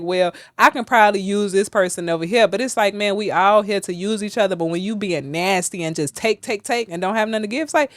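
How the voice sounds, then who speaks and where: A woman speaks as a podcast guest, blunt and fired up, with plenty of profanity. Her voice sits at a middle pitch. The studio sound is dry and close. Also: fairly quick, few pauses, no room sound. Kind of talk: candid interview talk.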